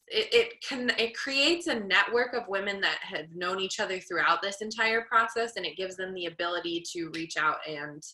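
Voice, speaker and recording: Woman podcast guest, earnest and measured, lots of ums, bright tone. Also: medium pitch. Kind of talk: candid advice-giving talk. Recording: roomy echo.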